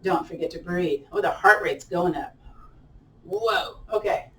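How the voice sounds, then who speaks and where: A woman's voice: lowish voice, unhurried. Chatty woman guiding chair yoga in an echoey room. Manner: encouraging, chatty, with cheerful whoops. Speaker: yoga instructor. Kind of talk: guided chair yoga class. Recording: echoey room, voice a bit far from mic.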